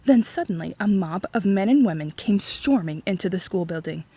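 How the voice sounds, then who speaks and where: Animated woman reading aloud. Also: medium pitch, fairly quick, slightly rough, no room sound. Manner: expressive, explains the story simply. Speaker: read-aloud narrator. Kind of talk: children's chapter book read-along.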